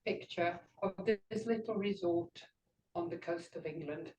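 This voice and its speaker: A woman's voice: lowish voice, darkish tone, reverberant, highs cut off, slight background noise. Older woman giving an impromptu speech. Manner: thoughtful, rambling, pauses to find words. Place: meeting room.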